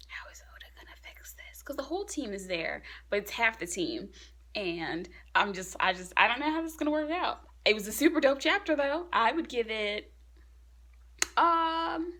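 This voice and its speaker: Excitable young woman reviewing manga. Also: on the high side. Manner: excitable, drops to hushed whispers. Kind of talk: casual chapter review.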